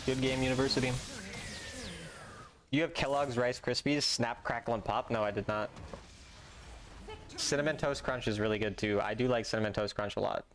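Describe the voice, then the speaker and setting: A man's voice: medium pitch, steady tone, normal speed, pauses often, slight background noise. A young man chatting casually with his viewers while playing a game live, reading chat aloud and joking dryly. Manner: laid-back, reads chat aloud, dry joking. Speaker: streamer. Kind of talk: casual gaming stream chat.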